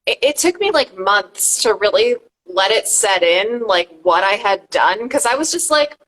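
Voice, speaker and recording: A woman's voice: mid-range voice, very animated, a little slow, fairly bright tone, poor audio. A woman hosting an interview, chatting eagerly and a bit farther from the mic. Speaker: podcast host. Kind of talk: casual interview chat.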